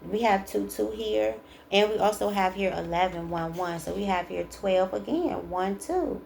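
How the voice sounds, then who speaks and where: A woman with a gravelly, creaky edge gives a tarot reading in a chatty, emphatic way. She reads card texts aloud and then drives the point home in her own words. A faint noise hums under the recording. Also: mid-range voice, moderate pace, darkish tone. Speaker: tarot reader. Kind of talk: casual spiritual card reading.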